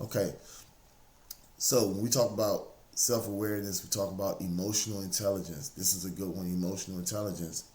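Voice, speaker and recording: A man with a lowish voice talks through self-improvement in a relaxed, conversational way, circling back and repeating his key phrases. His faith comes up plainly as he encourages the listener. The recording has a roomy, echoey sound. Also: fairly quick, a little hiss or hum. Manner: repetitive, conversational, drives points home by repeating phrases. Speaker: motivational speaker. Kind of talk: casual motivational talk.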